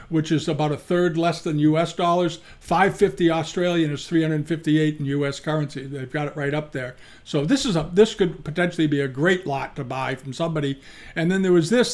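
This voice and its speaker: A fairly high-pitched man talks through auction results in a loose, unscripted way. He is blunt and opinionated, and he often stops and restarts his sentences as he thinks aloud. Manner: frank, opinionated, with frequent restarts. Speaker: antiques dealer and auction commentator. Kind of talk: casual commentary.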